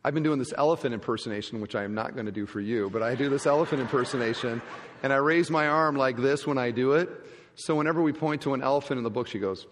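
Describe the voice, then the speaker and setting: A male pastor preaching a sermon, his voice rising loud and then dropping to hushed endings. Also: medium pitch, fast talker, a little hiss or hum. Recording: church hall reverb.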